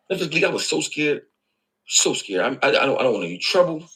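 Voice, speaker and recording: Brief: Philly-man, sharp raspy voice, high and swooping pitch, taunting rant. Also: very animated, fast, rough recording. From Philadelphia. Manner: mocking, repetitive, sarcastic. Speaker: rapper in an online feud.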